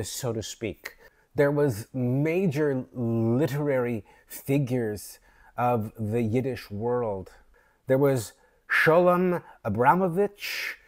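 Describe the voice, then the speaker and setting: A man from Canada talking slowly and thoughtfully to camera in a reflective vlog, with fillers and restarts. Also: mid-range voice. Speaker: vlogger.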